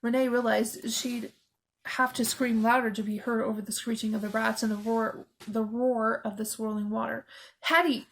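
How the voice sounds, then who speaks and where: A woman narrating a children's horror novel aloud in a steady, expressive storytelling manner. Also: on the high side, normal speed, low-quality recording. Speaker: audiobook narrator.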